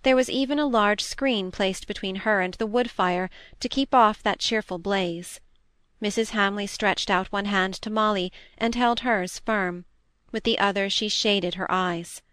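A woman narrating a novel as an audiobook reader, reading in a measured, even way. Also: medium pitch, smooth, dry recording. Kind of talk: scripted narration.

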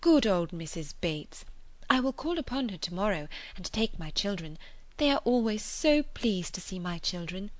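A woman's voice: mid-range voice, sing-song, normal speed, no echo, close to an everyday voice. A woman reading the part of an attentive young mother speaking earnestly and eagerly to her father.

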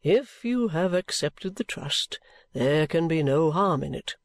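A woman voicing a calm, gentle older male guardian in a lower, slightly distant voice. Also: a little slow, no room sound, studio quality. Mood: kindly.

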